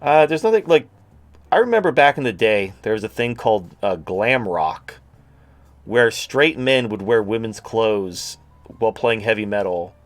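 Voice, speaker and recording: A man's voice: lowish voice, expressive, measured pace. A man hosting a livestream, talking in a crude, rambling, sarcastic way. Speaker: host. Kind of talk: casual livestream talk.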